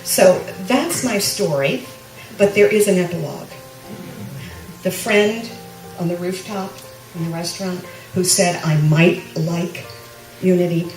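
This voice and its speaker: A woman's voice: lowish voice, measured pace, darkish tone, soft background music. A woman giving a chatty personal testimony to a church congregation, with self-deprecating humor. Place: church sanctuary. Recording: echoey room, mic from a distance.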